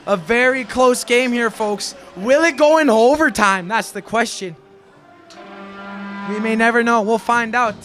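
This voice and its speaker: A man calling a live hockey game play-by-play, excitable and folksy, shouting during rushes and a bit out of breath. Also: very high voice, faint music behind. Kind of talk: live sports commentary.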